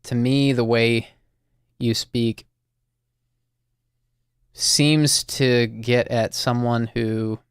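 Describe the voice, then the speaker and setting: Deep-ish gravelly guy hosting a call-in show, slow and thoughtful, lots of ums, dry close sound. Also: little pitch movement, dry recording. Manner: slow, thoughtful, with many fillers and restarts. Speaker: host of a listening call-in show. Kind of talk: reflective, gentle conversation with a caller.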